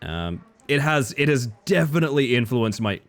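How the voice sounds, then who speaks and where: A man's voice: medium pitch, sing-song, moderate pace. A man streaming live, talking candidly in a casual chat that trails off and restarts.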